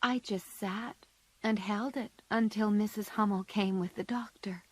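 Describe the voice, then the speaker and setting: A woman voicing a shy, gentle young girl who speaks softly. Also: medium pitch, steady tone, measured pace, dry recording, close to an everyday voice. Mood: quiet.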